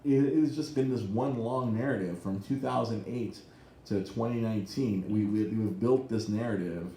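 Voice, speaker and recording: A man co-hosting a podcast in casual chat, excitable and swearing freely, with many restarts. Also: fairly low pitch, normal speed, roomy sound, a little hiss or hum. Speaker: podcast co-host. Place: podcast studio.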